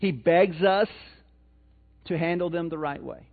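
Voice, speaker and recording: A man preaching a sermon in a notably high voice, chatting with the congregation and throwing questions out to them. The sound is thin and tinny, like it is coming through a phone line. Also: measured pace. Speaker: pastor.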